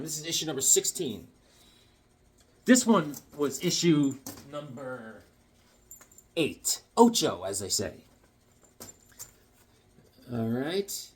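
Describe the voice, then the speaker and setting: A man from Connecticut casually chatting about his comic books, rambling along and telling deadpan tall tales with jokes between them. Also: on the high side, measured pace, pauses often. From Connecticut, USA. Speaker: comic book vlogger.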